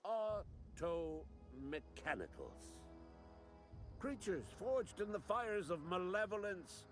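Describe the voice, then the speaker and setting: A man's voice: sits high, big pitch swings, slow, faint music behind, heavily acted. A paranoid frontier townsman. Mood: paranoid ranting. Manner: urgent, preachy, theatrical warnings. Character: paranoid male frontier townsman ranting about robots.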